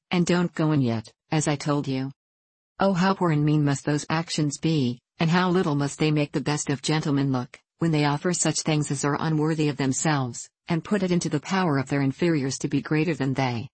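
Low-voiced woman reading a classic novel. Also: darkish tone, dry recording. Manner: measured, earnest, deliberate reading. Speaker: audiobook narrator. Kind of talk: narrating a classic epistolary novel.

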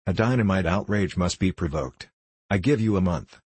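Performing a scheming foreign diplomat from an audiobook, a man uses a deep, husky, guttural voice full of sly condescension and mockery. He sounds animated and moves at a moderate pace with a darkish tone. The sound is dry and close-miked.

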